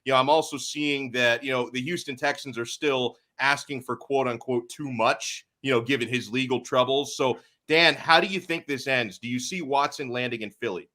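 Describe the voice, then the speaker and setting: Bright-voiced man hosting sports talk. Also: mid-range voice, moderate pace, few pauses. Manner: easygoing, laughs along. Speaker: sports show host.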